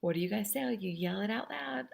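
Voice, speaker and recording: Upbeat chatty woman teacher, husky voice. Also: medium pitch, animated, brisk. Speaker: French teacher. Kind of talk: recorded class lesson.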